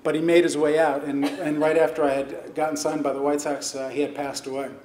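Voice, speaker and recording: A middle-aged man speaks into a podium microphone with a slightly high voice, chatty and self-deprecating as he accepts a hall of fame honor. His voice rings around a roomy banquet hall, with a faint hum of noise behind him. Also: level tone, a little fast, darkish tone.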